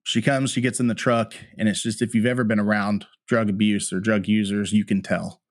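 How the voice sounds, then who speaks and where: A man with a lowish voice tells a hard personal story in a candid, plainspoken way. He sounds like a firefighter-paramedic guest on a podcast, speaking frankly and with feeling. The sound is dry and close, with no room echo. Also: flat delivery, fairly quick. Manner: candid, plainspoken, emotional retelling.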